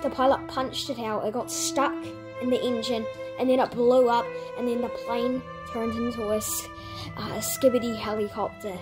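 A woman's voice: a little high, level tone, moderate pace, music in the background, natural voice. A woman voicing an over-dramatic plush widow in a homemade comedy skit. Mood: melodramatic.

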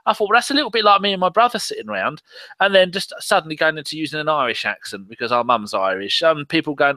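A man's voice: mid-range voice, big pitch swings, quick pace, sharp tone, no room sound. A man co-hosting a late-night football podcast, laid-back, chatty and teasing his co-host. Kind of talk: casual late-night chat.

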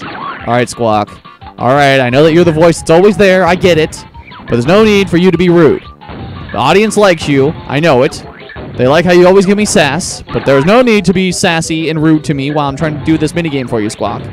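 A man's voice: on the high side, expressive, fairly quick, soft background music. A man hosting a video game let's play, giving rambling, joking commentary and talking to the game characters. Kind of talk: casual gameplay commentary.

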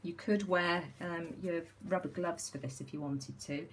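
A woman's voice: fairly low pitch, fairly even intonation, a little slow, slight background noise. A woman chatting enthusiastically through a home craft demonstration, with many ums. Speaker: craft tutorial host. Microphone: camera mic.

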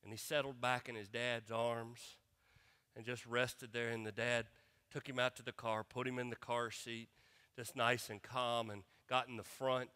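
Emphatic pastor preaching in a reverberant church. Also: male voice, mid-range voice, little pitch movement, moderate pace, bright, forceful tone, smooth. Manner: emphatic, asks the congregation to respond. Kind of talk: sermon. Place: church sanctuary.

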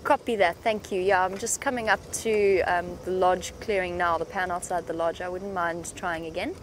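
A woman's voice: on the low side, fairly even intonation, normal speed, slight background noise. A woman safari guide giving chatty live commentary from an open vehicle in the bush. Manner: chatty and hopeful, hushed when near animals.

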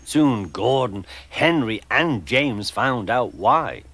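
Brief: male storybook narrator, slow and expressive, lively pitch, faint music under. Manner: unhurried, expressive, voices every character. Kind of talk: storybook narration, remake of a famous reading.

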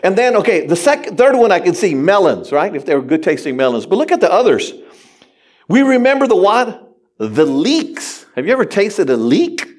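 A man preaching a sermon as pastor, animated and humorous, addressing the congregation directly. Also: high-pitched, a little fast, hardly any pauses. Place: church sanctuary.

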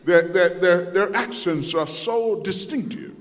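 A man preaching a sermon, telling the story dramatically and acting out voices, moving between loud, intense passages and soft asides. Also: high voice, a little slow. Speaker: pastor. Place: church sanctuary. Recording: long hall reverb.

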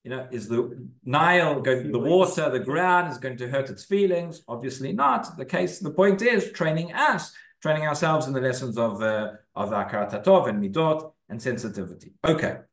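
A man leads a relaxed, conversational class in a synagogue, reading sources aloud and often pausing or restarting. His voice sits somewhat high for a man. The room gives his voice a noticeable echo. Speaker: rabbi teaching a class. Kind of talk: casual spoken Torah class. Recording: echoey room.

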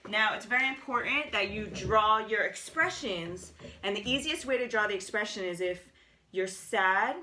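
A woman leads a children's art lesson with a bright, clear voice, walking through each step patiently and offering gentle praise. A faint hiss sits under the recording. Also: medium pitch, normal speed. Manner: gentle, encouraging, explains step by step. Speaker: art teacher.

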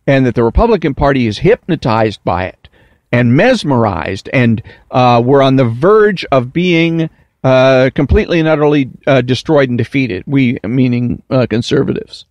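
A man delivering a political commentary monologue, deliberate and emphatic, slowing to stress key words. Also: medium pitch, lively intonation, a little mellow, no room sound, dull audio. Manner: deliberate, emphatic, drawn-out stresses, mocking whiny impressions.

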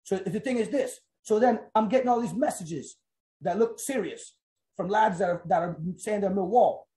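An American man from South Florida, telling stories as an interview guest in a casual, animated way and acting out conversations. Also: sits high, moderate pace, reverberant. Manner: animated, acts out quoted exchanges. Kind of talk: casual storytelling.

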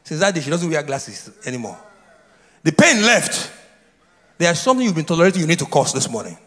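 A man preaching a sermon, his voice set high and swinging widely in pitch as he calls out questions for the congregation to answer back. He repeats key phrases over and over. The sound carries a long reverb from a church hall. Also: big pitch swings, brisk, fairly bright tone. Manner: repetitive, prompts congregation to answer. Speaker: pastor. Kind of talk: sermon with call and response. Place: church sanctuary.

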